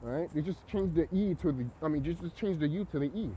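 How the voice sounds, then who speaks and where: A man's voice: a little high, brisk, dark tone, muffled recording, a little hiss or hum. A man delivering an agitated, profane, preachy rant as a vlogger, repeating himself for emphasis. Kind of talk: ranting monologue to camera.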